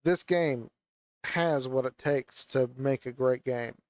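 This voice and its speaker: A man's voice: mid-range voice, slow, a little mellow, no room sound. A man ranting angrily about a game while wearing a VR headset, swearing and venting as a gaming vlogger. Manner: angry, swearing rant. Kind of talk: ranting commentary while playing. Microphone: VR headset on, gaming mic.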